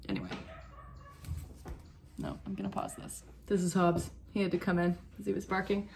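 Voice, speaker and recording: A young woman chats about knitting in a home vlog, rambling and drifting off topic as casual talk. Her medium-pitched voice is creaky and a bit dark, with a steady tone at normal speed. There's a faint hiss or hum.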